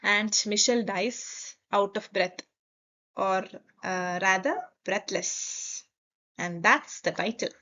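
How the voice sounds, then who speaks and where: A woman's voice: mid-range voice, takes it slowly, bright, forceful tone. A young woman with an Indian English accent, retelling a film plot in a lecture with many fillers and restarts. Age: young adult. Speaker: student presenter. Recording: dull lo-fi recording.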